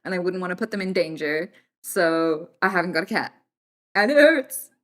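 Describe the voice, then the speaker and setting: A woman's voice: lowish voice, fairly even intonation, a little fast, fairly bright tone. Blunt, chatty British woman streamer. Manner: blunt and chatty, swears freely, drifts between jokes and serious points. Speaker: livestreamer answering chat. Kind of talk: casual live-stream chat.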